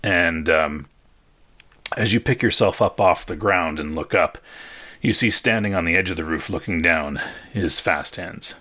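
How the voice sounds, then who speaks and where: A man narrating a tabletop game as game master, laid-back and pausing often with fillers. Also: low-pitched, bright, forceful tone.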